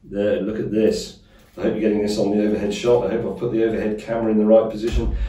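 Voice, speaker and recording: A middle-aged man hosts a cooking show alone in a small underground kitchen, his dry asides landing in a low, mellow voice. He is picked up by phone and tablet cameras set across the room, so he sounds far off and the space rings around him. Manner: deadpan, self-mocking asides, slow deliberate pauses. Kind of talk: dry, wry solo cooking chat. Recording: echoey room, mic at a distance.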